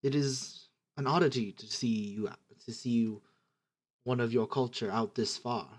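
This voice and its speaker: A man's voice: medium pitch, normal speed, close to an everyday voice. A man doing a courteous blind old wanderer. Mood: wistful. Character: blind old male wanderer, calm and worldly.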